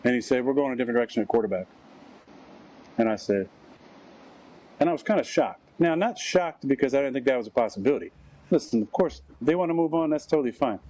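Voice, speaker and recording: A man's voice: medium pitch, expressive, quick pace, dark tone, rough recording. A man telling a story on a talk show, wryly acting out the dialogue he quotes. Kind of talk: anecdotal storytelling.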